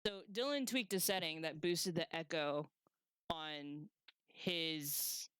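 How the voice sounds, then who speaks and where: A woman's voice: deep voice, takes it slowly, a bit bright, clear, resonant tone, no echo. A woman co-hosting a let's play stream, talking casually in a dry, matter-of-fact way about audio setup. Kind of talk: casual gaming chat.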